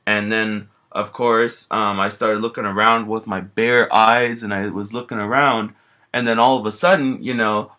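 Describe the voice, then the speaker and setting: A man's voice: medium pitch, sharp tone. A man casually telling a rambling first-person story as a bear character, filling his sentences with lots of "you know" and restarts.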